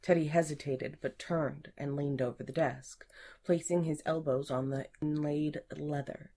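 A woman with a low voice narrates an erotic audiobook at an unhurried pace. Her delivery is breathy and intimate, and it often sinks to a whisper. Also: steady tone, mellow.

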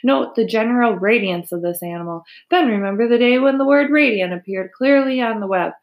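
A woman's voice: on the high side, brisk, lo-fi sound, lightly acted. A woman reading aloud, voicing a grand-talking male fair announcer with formal speechmaking.

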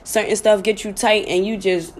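A woman hosts her own podcast, talking to her listeners in a casual, blunt way with lots of swearing, chatty and prone to sudden bursts of laughter. Her mid-range voice holds a steady tone at a moderate pace.

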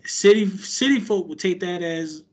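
Podcast co-host, male, higher register, breathy rasp; loose, animated, swears freely. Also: moderate pace. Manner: animated, profane, hedging with restarts. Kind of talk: casual chat.

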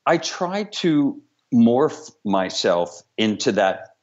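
A director and choreographer speaks slowly in a medium-pitched voice with big pitch swings, candid and funny during a remote video-call interview. The call audio is dull and lo-fi.

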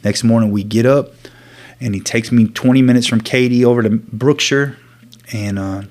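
A man earnestly telling his own story as an interview guest, halting and restarting often. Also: medium pitch, fairly even intonation, darkish tone. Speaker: guest sharing his testimony. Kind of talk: personal storytelling.

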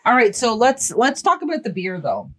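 A woman's voice: a little high, very animated, moderate pace. A Canadian woman co-hosting a casual beer-tasting podcast, chatty and keeping the talk on track. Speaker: podcast co-host.

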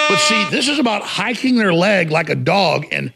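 A man hosting a talk show, ranting in a combative, mocking way and shouting for emphasis, with a raspy, gravelly voice. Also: sits high, sing-song, normal speed, few pauses, heavy background noise. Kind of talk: heated talk radio rant.

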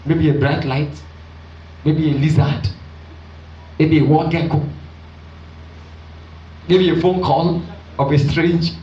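A man's voice: unhurried, pauses often. A male pastor, preaching a storytelling sermon and acting out the voices of the people in his story. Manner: animated storyteller acting out voices, jumping high for excited women. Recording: roomy, distant and dull.

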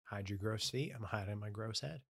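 A man co-hosting a podcast, teasing and asking questions in relaxed casual chat. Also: fairly low pitch, brisk, vocal fry, no room sound, clean studio sound. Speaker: podcast co-host.

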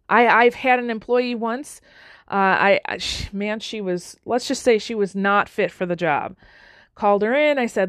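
A woman's voice: mid-range voice, moderate pace, dry recording. Woman talking leadership, earnest, tells stories and does the quotes, dry close sound. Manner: earnest, restarts often, acts out quoted dialogue. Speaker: leadership speaker. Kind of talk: motivational talk with stories.

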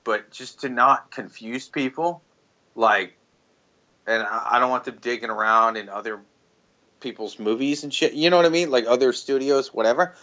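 A man co-hosting a podcast, rambling and swearing through casual chat with a tipsy looseness. His voice sits at a middling pitch. The recording is a little dull and muffled. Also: fairly even intonation, moderate pace, sharp tone. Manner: rambling, profane, joking. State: tipsy, drinking. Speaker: podcast co-host.

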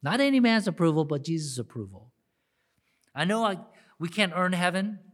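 Male pastor, fairly high voice, conversational sermon with emphatic swells. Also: sing-song, moderate pace, a bit bright. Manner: conversational, rising to emphatic peaks with frequent restarts.

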